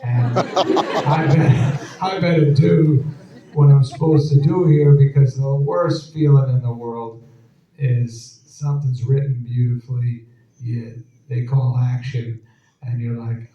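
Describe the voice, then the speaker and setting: A man's voice: medium pitch, fairly even intonation, unhurried, mellow, slight background noise. A man telling laughing, rambling anecdotes to a live audience in an event hall. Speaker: actor guest at a Q&A. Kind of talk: casual storytelling on stage. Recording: echoey dull hall sound from far off.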